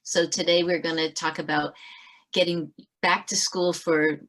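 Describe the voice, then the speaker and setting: A woman author giving a brisk webinar talk on parenting over a video call. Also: on the low side, fairly even intonation, fairly bright tone. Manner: brisk, talks fast to fit it all in. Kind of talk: webinar presentation.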